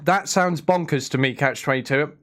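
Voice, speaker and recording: A man's voice: a little high, moderate pace, a bit bright. A young man chatting casually on a live stream, rambling and answering his chat. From England.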